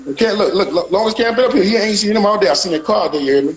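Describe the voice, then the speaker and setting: Fast-talking high-voiced man, rambling. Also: animated, rough recording. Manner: rambling, repeats "you hear me". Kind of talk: casual banter.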